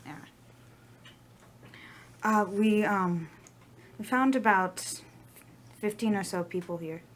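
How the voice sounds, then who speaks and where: A woman's voice: medium pitch, slow, a little hiss or hum. A woman playing a tabletop game, chatting casually and laughing easily. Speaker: player.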